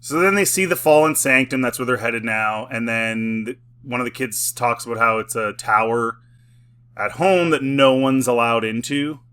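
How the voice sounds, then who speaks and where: A man's voice: medium pitch, moderate pace, a bit bright, smooth. A man giving a casual spoken review, rambling with lots of filler words and frequent chuckles, sometimes mocking and sarcastic. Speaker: film and TV reviewer.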